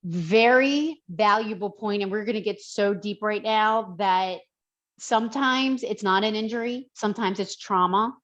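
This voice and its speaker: A woman's voice: mid-range voice, measured pace, a bit bright, highs cut off. A woman personal trainer talking in a podcast conversation, emphatic and heartfelt.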